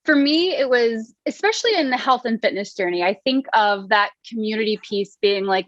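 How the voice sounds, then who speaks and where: A chatty woman in her thirties talks through her coaching work with plenty of "you know" and quick laughs. Her voice sits mid-range, recorded dry with a slightly dull, muffled tone. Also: on the high side, animated, dry recording. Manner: chatty, laughs often, many fillers. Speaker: wellness coach guest. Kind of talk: casual interview chat.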